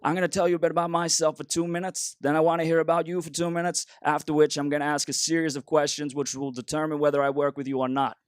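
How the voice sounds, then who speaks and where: Man doing Scandinavian-accented formal job candidate, stiff, precise, self-important, raised pitch, brisk. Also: level tone, clean tone, no room sound, clean studio sound, natural voice. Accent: put-on Scandinavian. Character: formal, fussy male job candidate in a suit.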